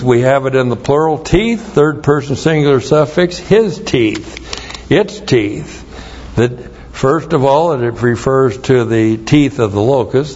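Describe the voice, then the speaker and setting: A man's voice: medium pitch, darkish tone, a little hiss or hum. A man teaching a Bible lesson, explaining Hebrew words and spelling them out letter by letter. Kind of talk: verse-by-verse Hebrew word study. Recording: dull lo-fi recording.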